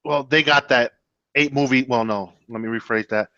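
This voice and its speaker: A man's voice: mid-range voice, moderate pace, sharp tone, dull audio. A man co-hosting a casual movie review chat, joking and laughing often.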